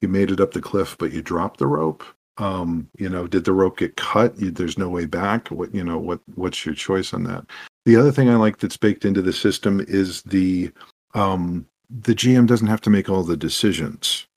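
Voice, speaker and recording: A man telling animated stories as a podcast guest about running tabletop games, acting out what his players said. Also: low-pitched, moderate pace. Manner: animated, acts out quoted players. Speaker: podcast guest, game master. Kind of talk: anecdotal interview storytelling.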